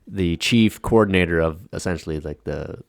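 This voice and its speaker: A man's voice: low voice, moderate pace, creaky, dry recording, clean studio sound. A man co-hosting a podcast in casual chat, cursing freely and talking at length. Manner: profane, talks at length. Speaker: podcast co-host.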